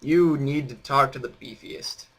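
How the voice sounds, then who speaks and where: A man's voice: medium pitch, measured pace, fairly bright tone. A young man hosting a casual chat on a voice call, rambling and teasing with lots of fillers. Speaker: host.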